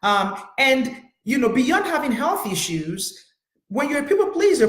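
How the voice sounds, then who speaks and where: A woman's voice: high voice, sing-song, unhurried. Earnest woman therapist, echoey room. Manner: earnest, storytelling, many fillers. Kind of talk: personal talk to camera.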